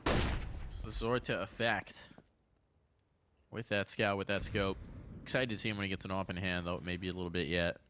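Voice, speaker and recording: A man's voice: low voice, little pitch movement, moderate pace, pauses often, background noise. A man calling esports play-by-play with energy, his voice rising sharply on big plays. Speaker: esports caster.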